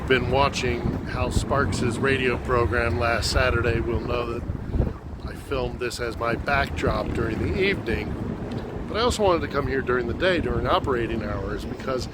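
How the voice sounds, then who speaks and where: A man's voice: mid-range voice, normal speed. Middle-aged man vlogging on a noisy street. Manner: reflective, conversational, thinking aloud. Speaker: vlogger and reporter. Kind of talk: walking vlog narration. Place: outdoors on city streets and in a market. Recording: noisy outdoor street ambience. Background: city traffic and street noise.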